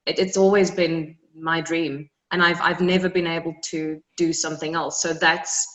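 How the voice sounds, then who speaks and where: Young south african woman, interview guest, earnest and reflective, lowish voice. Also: little pitch movement, moderate pace, hardly any pauses, fairly bright tone, rough recording. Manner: reflective, earnest, repeats words when moved. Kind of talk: emotional personal storytelling.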